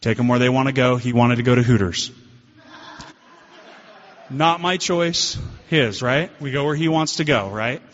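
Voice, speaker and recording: A man's voice: medium pitch, moderate pace, long pauses, a bit bright, slight background noise. A man giving a candid, self-deprecating recovery talk to a meeting. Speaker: guest speaker at a recovery meeting. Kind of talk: personal recovery talk to a group. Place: meeting hall. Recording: dull lo-fi hall recording.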